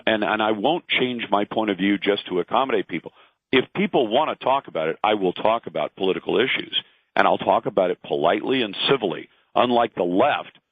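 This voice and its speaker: This middle-aged man, a radio talk host on as a guest, has a voice on the low side. Living in Portland and hailing from the Pacific Northwest, he offers emphatic, argumentative commentary and performs the voices he quotes. His dry, tinny phone line carries no room sound.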